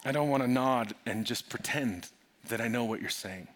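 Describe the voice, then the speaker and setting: A middle-aged man preaching a sermon, moving from soft, confiding talk to loud, urgent preaching. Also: medium pitch, moderate pace, slight background noise. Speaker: pastor.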